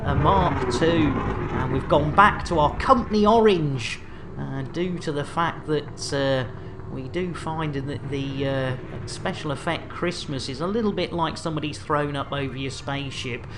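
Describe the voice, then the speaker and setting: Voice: medium pitch, measured pace, background noise. A game streamer chatting casually on a live stream, with jolly, chatty showman patter and playful catchphrases.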